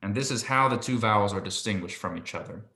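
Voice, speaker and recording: A man gives a patient one-on-one language lesson, talking slowly and pausing to check that it all makes sense. His voice sits a little low and has a bright, forceful edge. The room around him rings with echo. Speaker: Hebrew teacher. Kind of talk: one-on-one online tutoring.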